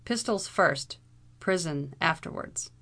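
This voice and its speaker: Brief: polite, restrained gentleman, read by a woman, low and even. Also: takes it slowly, exaggerated voice. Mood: cool. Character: composed young gentleman, the captain's second.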